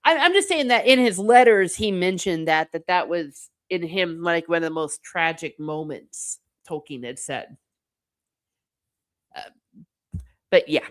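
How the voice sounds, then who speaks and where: A woman's voice: on the low side, lively intonation, unhurried. A middle-aged woman hosting a casual livestream, chatting wryly about films and reading viewer comments aloud with playful exasperation. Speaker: host reading live chat.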